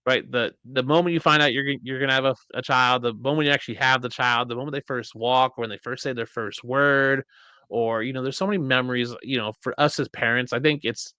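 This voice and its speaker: A man in his thirties co-hosting a podcast, chatting casually and acting out quoted lines in an animated way. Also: quick pace, clean tone, dry recording. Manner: animated storyteller, acts out quotes in high voices. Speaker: podcast co-host. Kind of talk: casual chat.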